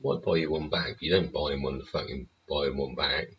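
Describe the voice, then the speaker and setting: A man's voice: very deep voice, fairly even intonation, a little fast, a bit bright. A man hosting his show in a casual, rambling rant, swearing freely and tossing in tag questions. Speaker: show host. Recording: dull lo-fi recording.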